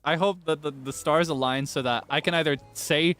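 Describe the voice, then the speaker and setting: A man's voice: fairly high pitch, steady tone, fairly quick, hardly any pauses, fairly bright tone. A young man chatting casually while streaming a game, theatrical and playfully whiny, laughing often.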